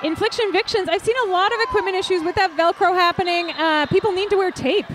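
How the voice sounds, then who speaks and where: A woman's voice: extremely high pitch, quick pace, a bit bright, a little hiss or hum. A woman commentating a live roller derby bout, chatty and jokey, often laughing at her own puns.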